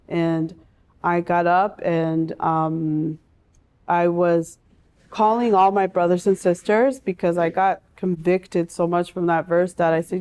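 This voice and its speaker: A woman in her forties telling her personal story in an interview, speaking earnestly and from the heart, with pauses and restarts. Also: on the low side, dark tone. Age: 40s. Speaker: guest sharing her life story.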